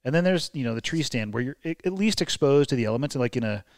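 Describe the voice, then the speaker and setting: A male host talks in a relaxed, easygoing way and keeps the chat light with quick quips and frequent laughs. His pitch is ordinary for a man, and the sound is dry and close. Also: no room sound. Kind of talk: casual chat.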